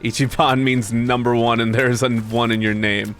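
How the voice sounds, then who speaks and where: Streaming a video game, a man chats casually with viewers, swearing often and laughing between complaints about his run. His medium-pitched voice moves at a moderate pace with hardly any pauses, faint music playing behind him.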